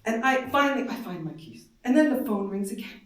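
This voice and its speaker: A woman giving an intense, emotional live reading of first-person dream monologues, moving between hushed and loud. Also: a little high, expressive, fairly quick. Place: darkened live performance space. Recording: very echoey hall, voice from far off.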